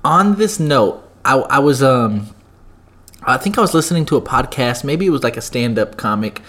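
A man's voice: mid-range voice, lively intonation, normal speed, a bit bright. A man co-hosting a casual podcast, telling a secondhand joke in a profane, rambling way full of fillers. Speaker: podcast co-host.

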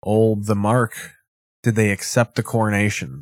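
A man's voice: fairly low pitch, little pitch movement, normal speed, dry recording, studio quality. A man streaming and reacting to a show in casual, rambling, sarcastic commentary, swearing often.

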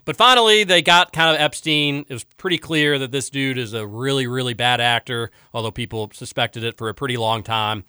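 A man's voice: mid-range voice, clean tone, dry recording, studio quality. A man hosting a talk show, reading listener texts aloud and ranting emphatically in casual chat. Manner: animated, emphatic and quick to rant. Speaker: radio talk show host.

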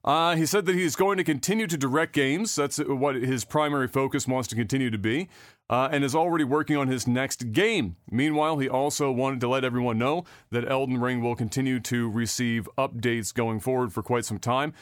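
A man hosts a casual gaming news podcast in a sarcastic, offhand way, swearing freely. His delivery rambles with fillers and restarts. His voice is of middle pitch and sounds dry and close. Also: fairly quick, no echo. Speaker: podcast host.

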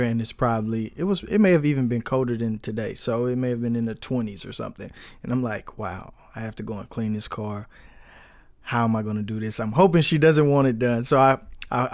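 Relaxed man telling a business story. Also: medium pitch, no echo, studio quality. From St. Louis. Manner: relaxed storyteller, with frequent fillers and quoted dialogue. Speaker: guest, business owner. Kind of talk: storytelling in a podcast interview.

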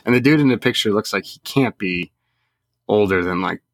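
A man's voice: fairly low pitch, normal speed, no echo. A man co-hosting a casual podcast, telling rambling stories with dry humor. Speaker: podcast co-host, recruiting reporter. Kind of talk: casual chat.

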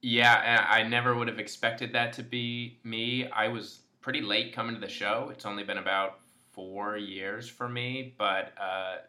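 A man with a lowish voice speaks in an even, flat line with a very sharp, tense brightness. He chats as a guest on a podcast with a wry, self-deprecating humor. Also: unhurried. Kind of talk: casual chat.

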